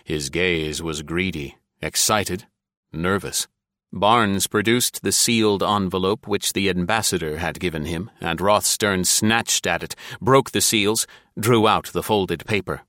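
In studio-quality, dry audio, a low-pitched man narrates an adventure story from a script. He is an audiobook narrator with an even, measured storytelling manner.

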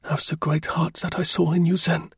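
A man voicing a fierce, proud German woman agent with an intense, quietly furious manner. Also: on the high side, flat delivery, normal speed, gravelly, slightly rough, dry recording, clean studio sound, pitched above the performer's own voice, full character voice. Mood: tender.

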